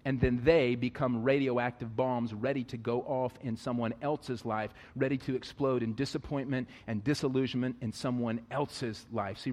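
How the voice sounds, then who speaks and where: A man preaching a sermon, animated, jumping from loud, high-pitched bursts to low, quiet asides. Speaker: pastor. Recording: long reverb of a large hall.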